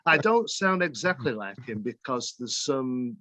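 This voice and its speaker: A man's voice: medium pitch, lively intonation, a little slow, pushed and bright, dry recording. A man from England with a mixed Salford and Bolton accent, a guest author telling stories in an interview. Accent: northern English, Salford and Bolton mix. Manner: storytelling, imitates dialect phrases. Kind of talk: interview conversation.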